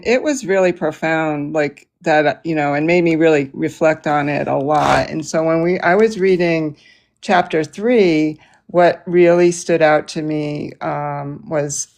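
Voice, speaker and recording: A woman in a reading group on a video call, sharing her thoughts with many pauses and fillers. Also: sits low, darkish tone. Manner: thinking aloud, many fillers. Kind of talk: casual group discussion over a call.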